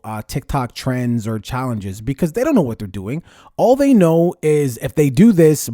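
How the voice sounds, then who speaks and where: A podcast host talking to his listeners in a slightly high voice that rises and falls a lot. He rants casually and leans hard on the words he wants to stress, and the sound is dry, with no room echo. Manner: lively, conversational, ranting with emphasis. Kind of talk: casual solo podcast talk.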